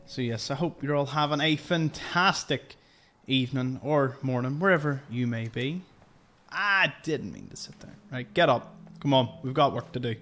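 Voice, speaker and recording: A man's voice: medium pitch, fairly bright tone, slight background noise. A man giving chatty, joking let's-play commentary. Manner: chatty and jokey. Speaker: gaming youtuber.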